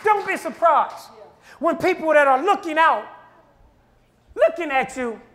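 A man minister preaching a sermon with fervent delivery and shouted repeated refrains. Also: extremely high pitch, expressive, a little slow, a little hiss or hum.

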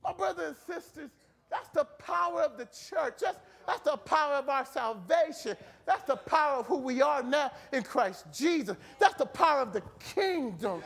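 High-pitched shouting male preacher. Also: animated, normal speed, gravelly. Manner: shouting, repetitive fervent preaching. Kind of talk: sermon. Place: church.

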